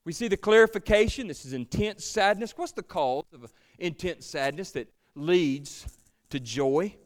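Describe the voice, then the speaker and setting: A man's voice: high voice, expressive, unhurried. A man preaching a sermon as pastor, earnest, with repeated words and a voice that swells and falls away.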